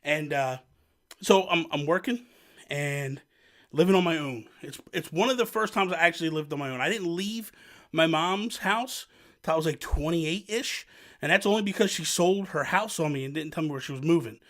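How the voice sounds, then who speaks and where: Man, 30s, channel host; loud, jokey, rambling delivery, a touch high-pitched. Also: normal speed. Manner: joking, self-mocking, loud and energetic. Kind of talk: casual rambling chat. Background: faint background music.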